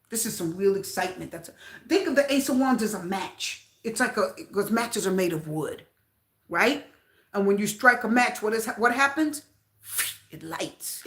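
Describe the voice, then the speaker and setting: A woman with a mid-range voice gives an animated, casual tarot reading, her sound echoing around the room. She speaks straight to her viewers, repeating phrases for emphasis.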